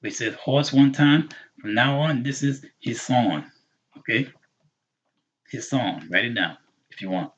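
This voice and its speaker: Husky man teaching a slow lesson. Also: medium pitch, a bit bright, dull audio. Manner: patient, repeats words slowly for learners. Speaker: Arabic teacher. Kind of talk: live online language lesson.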